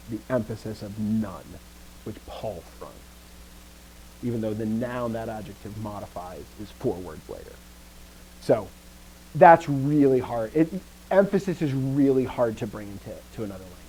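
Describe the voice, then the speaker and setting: A man with lively intonation and a moderate pace gives a casual Greek lesson, captured in a rough recording with slight background noise. He corrects himself, stops often to check on the class, and demonstrates emphasis by making stressed words louder and higher.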